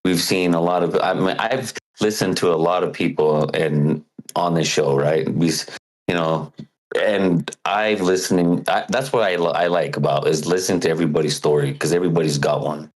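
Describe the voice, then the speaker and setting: A longtime caller talking in a rambling, halting way, full of fillers and restarts. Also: male voice, low voice, fairly even intonation, rough recording. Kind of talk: casual call-in chat.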